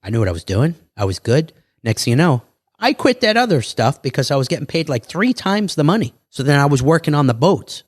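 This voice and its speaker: Animated New man telling stories. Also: fairly high pitch, no echo, studio quality. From New York. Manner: animated, quick storytelling with acted quotes. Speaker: guest. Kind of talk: storytelling in a podcast interview.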